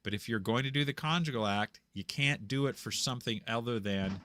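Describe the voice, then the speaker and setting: A man's voice: mid-range voice, brisk, sharp tone. A man on a video call from home, explaining church law in a casual, rambling way, full of restarts and repeated words. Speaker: guest explaining canon law. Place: home room with a green screen.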